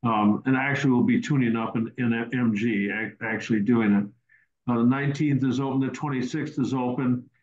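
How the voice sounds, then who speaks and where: A man's voice: mid-range voice, fairly even intonation, normal speed, a little mellow. A man hosting a casual question-and-answer teaching session over a video call, rambling and repeating words as he goes. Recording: roomy, dull online call audio.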